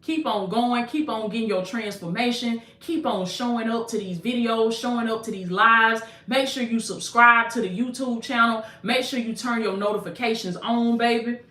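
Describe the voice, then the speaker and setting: Southern lady preaching to her viewers, kinda high bright voice, keeps calling em baby, roomy echo. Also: moderate pace, hardly any pauses. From American South. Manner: repetitive, calls listeners baby, decrees in Jesus' name. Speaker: motivational preacher and coach. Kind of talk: prophetic declarations and livestream pitch.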